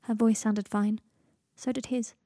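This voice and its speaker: A woman reading a fan fiction audiobook in a steady storytelling voice. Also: on the high side, measured pace, dry recording, clean studio sound. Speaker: reader.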